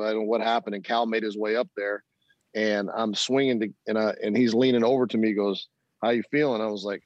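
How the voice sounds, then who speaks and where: An animated storyteller, a middle-aged ex-baseball player being interviewed as a guest, imitates the voices of the people he quotes and often laughs. His voice is on the low side, and the recording is dry with the highs cut off.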